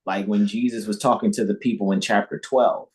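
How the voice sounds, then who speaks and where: A man with a husky, somewhat low voice leads an informal spiritual lecture. He talks emphatically and circles back over his own phrases, restarting sentences as he presses each point home. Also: fairly even intonation, a little fast, darkish tone, poor audio. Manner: emphatic, repetitive, lecturing with frequent restarts and chuckles; mimics imagined listeners in high mocking voices. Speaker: spiritual teacher hosting a devotional livestream.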